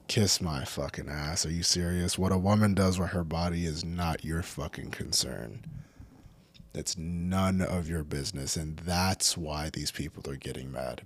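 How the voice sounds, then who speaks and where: Deep husky man ranting angrily. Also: no room sound. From California. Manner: profane, heated, builds to shouting. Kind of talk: angry unscripted rant.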